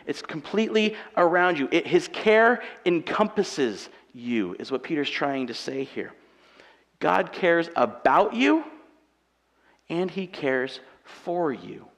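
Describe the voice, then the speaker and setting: A young man preaching a sermon in a church, conversational and shifting between quiet and emphatic delivery. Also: fairly high pitch, gravelly. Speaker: pastor. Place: church sanctuary. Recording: long reverb of a large hall.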